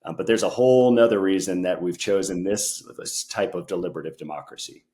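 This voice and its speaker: A man from Central Oregon, a podcast guest, explaining his civic work in a measured way. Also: low-pitched, warm tone. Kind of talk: interview answers.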